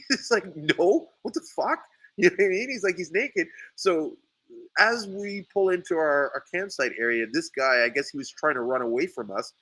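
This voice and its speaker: A man's voice: fairly high pitch, normal speed, dry recording, poor audio. A man in casual storytelling mode, full of energy, his voice jumping up sharply whenever he acts out what someone said. He laughs a lot as he talks. The sound is dry and close. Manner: animated storyteller, voices quotes loudly, laughs often. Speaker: sea moss farmer and podcast host.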